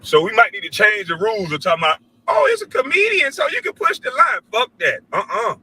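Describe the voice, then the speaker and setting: A middle-aged man rants into his show with a high, bright, cutting voice. He swears freely and preaches at his listeners. Now and then he mimics other people in an even higher voice. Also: brisk, husky, rough recording. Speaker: show host. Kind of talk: heated commentary rant.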